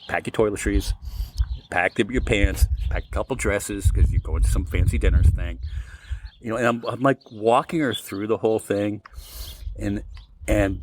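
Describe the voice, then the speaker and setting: Man, deep voice, casual podcast storytelling, acts out dialogue, faint background noise. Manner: rambling, animated retelling with quoted dialogue. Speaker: podcast co-host.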